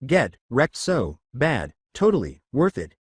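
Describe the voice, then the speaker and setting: A man's voice: medium pitch, huge pitch swings, slow, breathy edge, heavily acted. A man voicing a cheeky male servant who lectures and mocks his immortal master in a fan story reading. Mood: scolding. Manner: mocking, scolding.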